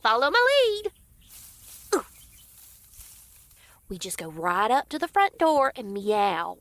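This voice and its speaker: A woman's voice: fairly high pitch, wildly swooping pitch, slow, fairly bright tone, no echo, exaggerated voice. A woman voicing a scheming female cat who sells real estate, salesy and gossipy. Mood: conspiratorial.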